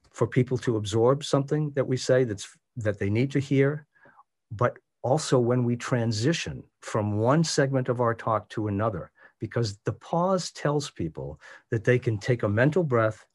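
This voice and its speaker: Man coaching on vocal delivery. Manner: measured, demonstrative, varies pitch for emphasis. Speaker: voice coach leading a workshop. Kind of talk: instructional presentation. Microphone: video call.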